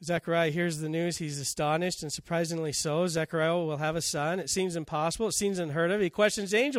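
High-voiced male preacher. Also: fairly even intonation, fast talker, hardly any pauses, no room sound, clean studio sound. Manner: storytelling, acting out scripture quotes. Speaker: pastor. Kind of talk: sermon.

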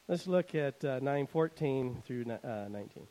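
A pastor preaching a sermon, swinging between loud emphasis and quiet asides, and paraphrasing scripture in a wry, conversational way. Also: male voice, medium pitch, lively intonation, normal speed, low-quality recording.

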